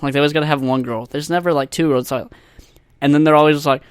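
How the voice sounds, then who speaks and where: A man hosts a casual solo podcast and rambles along in a profane, self-mocking way. His voice sits at an ordinary middle pitch. The recording is dry and close on a USB desk microphone. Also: steady tone, fast talker, clear, resonant tone, dry recording. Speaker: podcast host.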